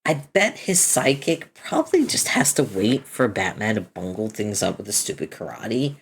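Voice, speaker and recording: Woman, very deep voice, husky, lively pitch, comic read-aloud with voices, casual asides. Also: normal speed. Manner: animated, switches between character voices; adds casual commentary between dialogue. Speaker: reader of a webcomic. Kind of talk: reading a comic aloud, voicing each character.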